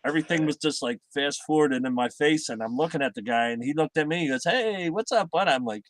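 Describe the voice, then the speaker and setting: A middle-aged man chatting casually as a guest, halting and repeating his words as he tells stories. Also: medium pitch, no echo. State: recovering from heart surgery. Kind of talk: casual chat.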